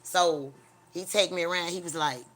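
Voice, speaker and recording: A woman with a slightly low voice hosts a casual livestream. She tells a story in a loose, rambling way and swears freely. She pads her sentences with filler sounds and turns to address her viewers. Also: normal speed, a bit bright. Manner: rambling, profane, repeats filler like "da, da, da"; chats directly to her viewers. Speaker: livestream host.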